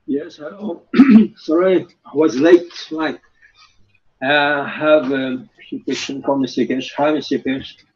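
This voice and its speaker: A man's voice: a little high, steady tone, takes it slowly, slightly rough. A man from Quebec with a Quebec French accent, joining a video call as a viewer and asking questions hesitantly, with many fillers. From Quebec, Canada. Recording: dull lo-fi video call audio.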